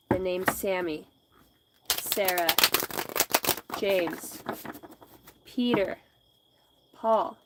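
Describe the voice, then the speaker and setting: A woman hosts a live intuitive reading, speaking slow and soothing spiritual messages at a middle pitch. She drifts into loose, laughing, profane rambles between the readings. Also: heavy background noise. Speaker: psychic livestream host.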